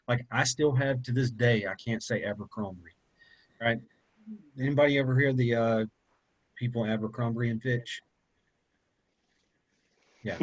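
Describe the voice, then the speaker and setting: A college public speaking instructor with a husky, mid-range voice teaches casually, repeating points and often checking in with "okay?" and "right?". The audio is dull.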